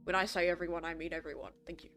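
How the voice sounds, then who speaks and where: A woman's voice: lowish voice, steady tone, racing, fairly bright tone, soft background music. A woman narrating a tabletop role-play game as game master, in a casual, filler-heavy way.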